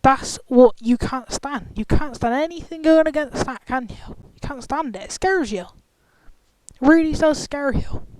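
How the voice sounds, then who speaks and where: A woman's voice: high-pitched, measured pace, darkish tone, no room sound. A woman ranting in an angry, profane, confrontational vlog commentary. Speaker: vlogger. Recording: clicky, glitchy, noisy screen-recorder audio.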